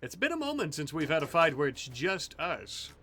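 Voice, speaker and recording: A man giving casual let's-play commentary, reacting loudly to the game and cursing at enemies. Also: on the high side, moderate pace. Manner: animated, swears and yells at the game. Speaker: gaming YouTuber.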